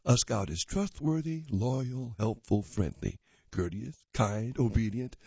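A man's voice: medium pitch, takes it slowly, gravelly, warm tone, slightly rough, no echo, full character voice. A man reading a storybook aloud and voicing a smug, teasing older boy cousin in a nasal, obnoxious voice, recorded dry and lo-fi. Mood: mocking.

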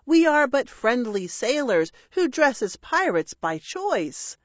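Sneaky pirate captain acting all friendly and hearty, woman reading it, slow, dull dry recording. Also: sits high, very animated, no echo, pitched above the performer's own voice, exaggerated voice. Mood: coaxing. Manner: hearty, coaxing. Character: sly male pirate captain, falsely friendly.

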